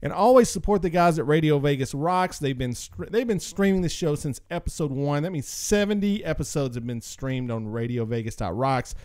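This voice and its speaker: Upbeat podcast host man, smooth voice. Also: on the high side, a little fast, few pauses, a little mellow, dry recording, clean studio sound. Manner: upbeat, joking salesman patter. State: slightly out of breath. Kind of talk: casual show plugs and announcements.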